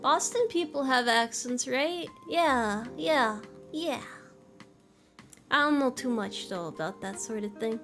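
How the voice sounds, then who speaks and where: Young woman, high voice, giggly casual streamer chat, faint music under it. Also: expressive, slow, fairly bright tone. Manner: giggly, self-deprecating, trails off and restarts. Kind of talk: casual chat reading viewer messages.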